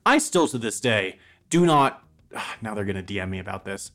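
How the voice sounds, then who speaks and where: A man's voice: on the low side, big pitch swings, moderate pace, a bit bright. A man in his twenties with an American accent, co-hosting a casual podcast in a dry, self-deprecating way. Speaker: podcast co-host. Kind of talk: casual chat.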